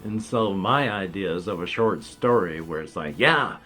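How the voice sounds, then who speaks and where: Man in his fifties, low voice, rambling vlog talk, wry gallows humor, slight denture whistle. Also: moderate pace, a bit bright. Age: 50s. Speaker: vlogger. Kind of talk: rambling casual monologue.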